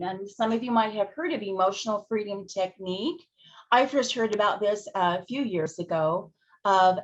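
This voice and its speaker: Woman, conference speaker, gentle and guiding, chuckles often, mid pitch, muffled lo-fi sound. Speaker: plenary speaker. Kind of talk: conference talk teaching relaxation techniques. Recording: dull lo-fi audio.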